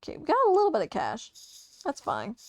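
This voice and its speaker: A woman's voice: a little high, huge pitch swings, quick pace, dry recording. A young woman streamer chatting casually while playing a game, swearing freely and talking to her chat. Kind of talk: casual gameplay commentary. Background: soft game music.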